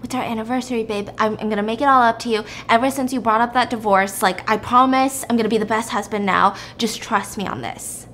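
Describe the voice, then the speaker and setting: A woman's voice: on the high side, quick pace, few pauses, fairly bright tone, a little hiss or hum, natural voice. A woman voicing a husband who talks in a soothing, coaxing way. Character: smooth, falsely soothing husband.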